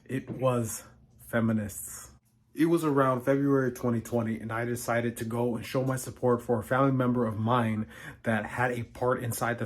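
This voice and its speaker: A young man telling a storytime vlog with sarcastic, profane humor. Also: medium pitch. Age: young adult. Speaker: vlogger.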